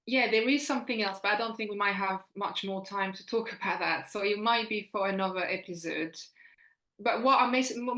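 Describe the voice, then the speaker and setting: A woman's voice: mid-range voice, a bit bright. A woman in her forties, a fertility coach speaking as a podcast guest, earnest and encouraging, often restarting her sentences. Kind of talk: earnest podcast interview talk. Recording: roomy echo.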